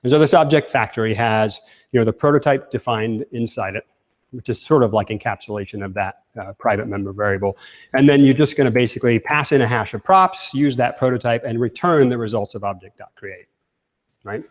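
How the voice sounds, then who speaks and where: A conference speaker gives a live technical talk in a brisk, medium-pitched voice, keeping it casual and putting questions to the audience. A long hall reverb trails his words.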